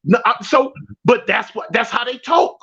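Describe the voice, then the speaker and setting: A man from South Central Los spins a prison story in slang, repeating himself and acting out each quote. His voice sits very high. The recording sounds dull and lo-fi. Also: expressive, moderate pace, vocal fry, a bit bright, husky. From South Central Los Angeles. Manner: acts out quotes, repeats and restarts phrases, slangy. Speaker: guest telling a prison story. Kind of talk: animated storytelling.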